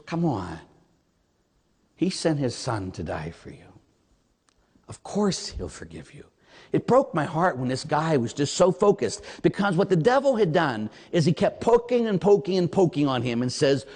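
A man who is a priest, preaching a sermon in a conversational, animated way, often checking in with his audience. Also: a little high. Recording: long hall reverb.

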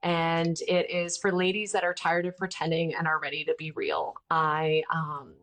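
A woman's voice: low voice, moderate pace. Chatty, candid woman in her thirties. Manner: chatty, candid, animated retelling with voiced quotes. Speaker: podcast host and ministry founder. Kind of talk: casual interview chat.

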